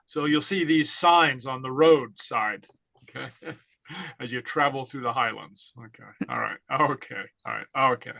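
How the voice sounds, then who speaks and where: Slow, halting male language teacher. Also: mid-range voice, gravelly, pushed and bright, dry recording. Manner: halting, many fillers and okays. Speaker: Gaelic teacher. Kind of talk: online class lesson.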